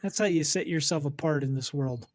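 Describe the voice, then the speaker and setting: A man co-hosting a casual comedy podcast, delivering dry, deadpan jokes. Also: on the high side, no room sound. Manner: dry, deadpan jokes, drawn-out name reading. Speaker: podcast co-host. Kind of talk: casual chat.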